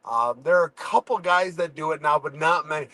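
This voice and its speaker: Halting higher-pitched man in casual chat. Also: bright, forceful tone, no echo, poor audio. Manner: frequent restarts and stammering. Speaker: guest, fighter.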